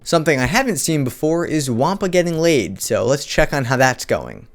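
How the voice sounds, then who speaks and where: A man's voice: a little high, very animated, moderate pace. A man hosting a comedic video commentary, sarcastic and incredulous. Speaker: commentary youtuber.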